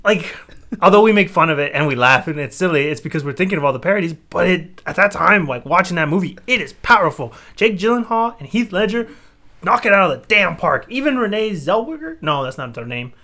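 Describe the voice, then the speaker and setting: A young man co-hosts a casual podcast, his voice a little higher than most men's. He rambles and argues his opinions hard, filling pauses with "like". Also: expressive, bright, forceful tone. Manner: rambling, opinionated, frequent "like" fillers. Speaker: podcast co-host. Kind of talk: casual chat.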